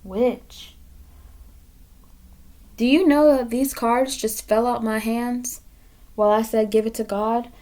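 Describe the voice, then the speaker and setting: A woman giving a pick-a-card tarot reading to camera. She is blunt and profane, repeats phrases for emphasis, and swings between loud emphasis and hushed asides. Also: fairly high pitch, fairly even intonation, slow, long pauses. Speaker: tarot reader.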